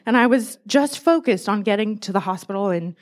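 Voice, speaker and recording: A young woman giving a casual sermon to a church crowd, talking fast and freely. She is animated and self-deprecating, breaks into laughter often, and speaks in a mid-pitched, conversational voice.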